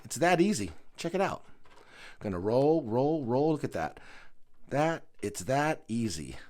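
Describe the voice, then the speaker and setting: A man with a Hawaiian accent giving an upbeat, chatty home aquarium vlog walkthrough, joking with viewers. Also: fairly high pitch. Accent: Hawaiian English. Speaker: aquarium hobby vlogger. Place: home indoors.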